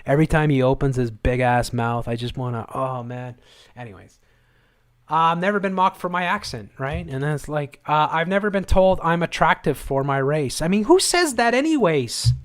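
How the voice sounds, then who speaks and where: A man's voice: fairly high pitch, normal speed, dry recording, studio quality. A man hosting a live stream, ranting in angry, sarcastic, repetitive bursts of commentary. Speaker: livestream host.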